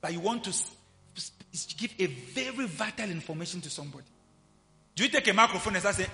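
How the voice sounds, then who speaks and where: A man preaching a sermon, swinging from quiet, intimate asides to loud shouting. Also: sits high, expressive, quick pace, vocal fry. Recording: long hall reverb, faint music behind.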